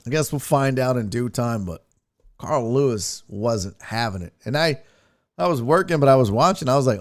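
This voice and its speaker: A man's voice: medium pitch, animated, normal speed. A man hosting a sports talk show, ranting in a casual, profane way.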